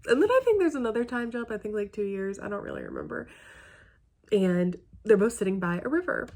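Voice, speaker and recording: A woman's voice: medium pitch, expressive, a little fast, a little mellow. A woman hosting a reaction video, casually recapping a film in a chatty, emotional way with trailing asides.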